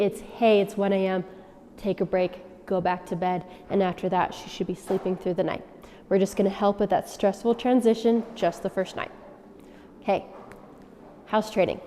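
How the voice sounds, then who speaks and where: Mellow-voiced woman coaching dog owners. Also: mid-range voice, slight background noise. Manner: coaching, checks in with frequent "okay?". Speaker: dog trainer. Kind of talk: instructional demonstration. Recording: long reverb.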